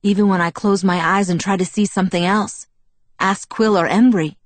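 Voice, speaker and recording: A woman's voice: medium pitch, fairly even intonation, moderate pace, dry recording, natural voice. A woman voicing an earnest, protective young man in an audiobook, speaking with impassioned, pleading intensity. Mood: intense. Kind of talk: audiobook character voice.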